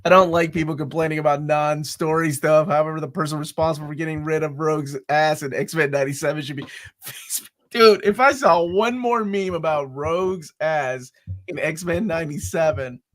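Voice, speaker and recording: A man's voice: fairly high pitch, normal speed, a bit bright. A man hosting a casual interview over a video call. He talks in a laid-back, chatty way and reads out viewer comments as he goes. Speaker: interview show host.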